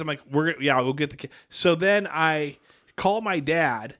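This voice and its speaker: Bright-voiced man telling a rambling story. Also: fairly high pitch, moderate pace. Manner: rambling, self-correcting anecdote with quoted dialogue. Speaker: podcast co-host. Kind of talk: casual storytelling chat.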